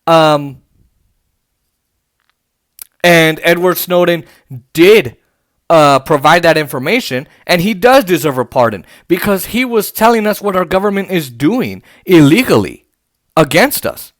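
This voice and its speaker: A man's voice: a little high, expressive, unhurried, pauses often, dry recording, studio quality. A man hosting a political commentary podcast, sarcastic and indignant, reading posts aloud with many fillers and restarts. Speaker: podcast host. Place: home.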